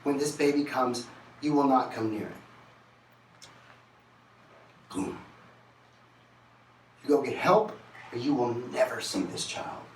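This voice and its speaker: Man putting on a stern angry wife, raised pitch, blunt and profane, roomy echo, far from the mic. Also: brisk, a little hiss or hum, close to an everyday voice. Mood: furious. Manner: scolding, profane, insistent. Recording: echoey live room, distant mic.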